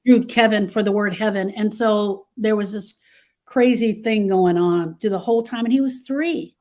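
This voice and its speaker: A woman's voice: medium pitch, moderate pace, a little mellow. A woman grief specialist giving earnest, emphatic advice in a discussion. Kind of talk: instructive discussion.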